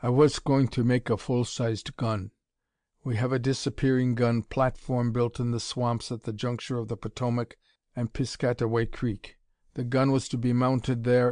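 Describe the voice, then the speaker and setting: A man reading an audiobook, voicing a captured male conspirator giving flat, compliant answers under interrogation. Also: medium pitch, no echo, clean studio sound, close to an everyday voice.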